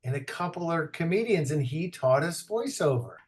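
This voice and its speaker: A raspy-voiced man with a New York accent, an actor and comedian guest telling jokey stories in a casual interview. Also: on the high side, moderate pace. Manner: joking, animated storyteller who slips into voices.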